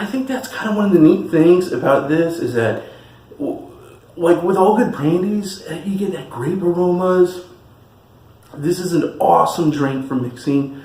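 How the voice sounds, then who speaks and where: With a mid-range, slightly mellow voice, a spirits reviewer from California hosts his channel and delivers an eager, talkative tasting review. He's recorded in an echoey room where faint music plays.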